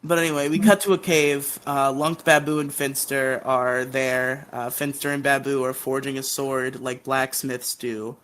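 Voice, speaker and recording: A man's voice: medium pitch, unhurried, hardly any pauses. A man co-hosting a podcast, animatedly recapping episodes and acting out the characters' lines. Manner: animated, acts out quotes. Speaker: podcast co-host.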